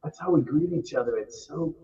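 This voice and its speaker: A man from Massachusetts co-hosting a casual real estate chat, emphatic and quick to agree. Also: a little high, gravelly, mellow, highs cut off. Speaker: real estate agent, co-host.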